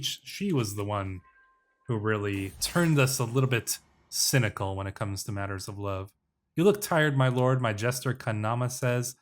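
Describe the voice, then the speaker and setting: A man narrating his strategy game in character as a ruler, musing aloud, correcting himself and reading event text in a slightly theatrical voice. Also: lowish voice. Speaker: game let's player. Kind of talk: role-play commentary on a strategy game.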